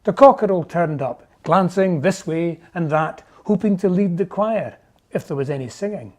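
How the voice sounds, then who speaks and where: A narrator reading a children's storybook aloud in a gentle, measured way. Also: mid-range voice.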